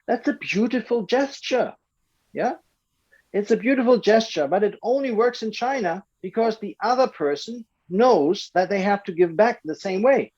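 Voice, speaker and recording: A man coaching a group in a lively way, acting out short quoted lines as he explains. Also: high voice, moderate pace, husky, lo-fi sound.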